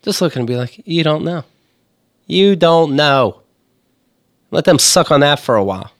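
A man's voice: a little high, expressive, quick pace. A man co-hosting a casual chat, making dry joking asides.

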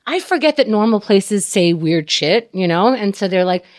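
A woman comedian tells a story in casual chat. Her pitch swings widely and she keeps breaking into laughter. She swears freely as she goes. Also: expressive, moderate pace. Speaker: comedian, podcast host.

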